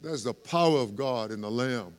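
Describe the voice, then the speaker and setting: Man, preacher, sermon, mid-pitched voice, chatty asides, loud fervent swells. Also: normal speed, clear, resonant tone. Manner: lively preaching with swells in volume and laughter; conversational asides to the congregation.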